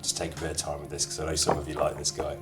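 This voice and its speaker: A man's voice: very deep voice, monotone, very fast. A man casually chatting to his live-stream viewers as he plays a game, reading out their comments with jokey asides. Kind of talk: casual live-stream chat while gaming.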